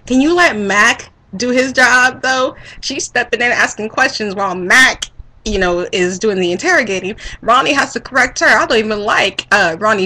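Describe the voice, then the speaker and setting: A woman vlogger delivering a casual rant to camera, sassy and animated, breaking into laughter often. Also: fairly high pitch, poor audio.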